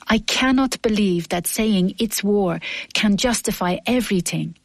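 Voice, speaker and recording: A woman's voice: mid-range voice, no echo. A woman reading her personal diary entries aloud in a weary, earnest way.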